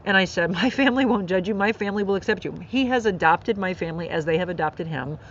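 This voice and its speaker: A woman's voice: lowish voice, fast. Middle-aged woman podcast host, heartfelt storyteller, slightly dull recording with faint hiss. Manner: emotional, earnest, with tearful laughs.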